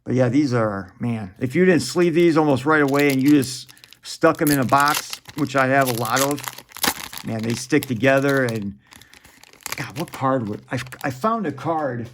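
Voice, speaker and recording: A man's voice: mid-range voice, normal speed, background noise. A man in his forties chatting casually while opening trading card packs, rambling and profane, chuckling often.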